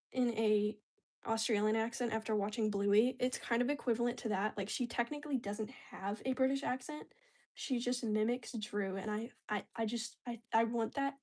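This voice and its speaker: A woman's voice: fairly high pitch, darkish tone. A woman vlogging casually while she crafts, talking in a chatty, rambling way full of slang.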